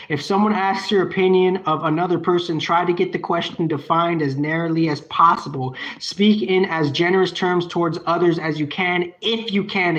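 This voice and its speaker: Rambling man with a dull lo-fi sound. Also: high-pitched. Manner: rambling, profane asides, repeats phrases like a chant. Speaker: solo video host. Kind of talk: reading a text aloud and riffing on it. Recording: dull lo-fi recording.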